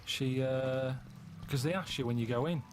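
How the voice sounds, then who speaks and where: A man telling rambling anecdotes in a deadpan, plodding way during casual comic chat. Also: medium pitch, moderate pace. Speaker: co-host.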